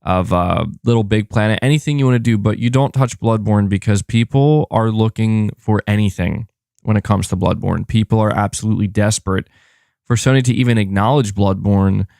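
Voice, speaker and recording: A man hosting a gaming podcast in casual chat, reading viewer comments and talking in a monotone voice with a slightly sore throat. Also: fairly low pitch, fairly quick, vocal fry, no echo, studio quality. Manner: rambling, restarts phrases, reads viewer comments aloud. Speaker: podcast host.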